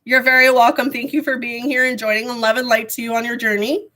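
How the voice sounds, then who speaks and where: A woman giving a live tarot reading to viewers, rambling and hesitant with many fillers, her voice going hoarse with frequent throat clearing. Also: a little high, flat delivery, fast, sharp tone. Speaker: tarot reader.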